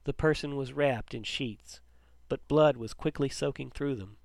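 A man's voice: mid-range voice, a little slow, vocal fry, darkish tone, no room sound. Man narrating a story, dry sound. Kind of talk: story reading.

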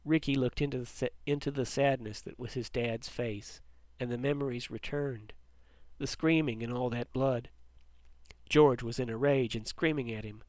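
Male storyteller, mid pitch, measured, dry mic. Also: fairly even intonation, a little mellow, no echo. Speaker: narrator. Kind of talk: story reading.

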